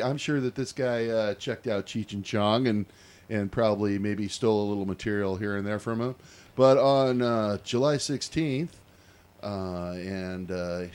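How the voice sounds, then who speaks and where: A man's voice: medium pitch, a little mellow. Easygoing man co-hosting radio chat. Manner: easygoing, agreeable, reading out birthdays. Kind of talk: casual chat.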